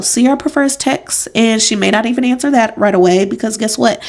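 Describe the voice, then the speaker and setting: A woman's voice: fairly high pitch, a little fast, a little mellow. Chatty woman podcasting from home. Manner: chatty, emphatic, laughs at herself. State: pregnant. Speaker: podcast host. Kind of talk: casual solo podcast monologue. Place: home room.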